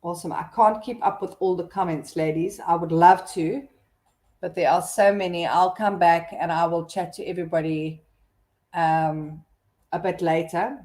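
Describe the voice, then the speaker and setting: A woman's voice: fairly low pitch, fairly even intonation, normal speed, a little mellow. A South African woman in her thirties, hosting a casual live stream and chatting candidly with viewers as she reads their comments. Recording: roomy echo.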